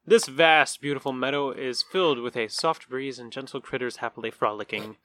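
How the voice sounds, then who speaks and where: A man's voice: medium pitch, normal speed, a bit bright. A man co-hosting a tabletop gaming podcast, reading rules aloud in a playful, laughing way. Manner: playful, laughing, slips into goofy voices. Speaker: podcast co-host. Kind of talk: casual podcast chat.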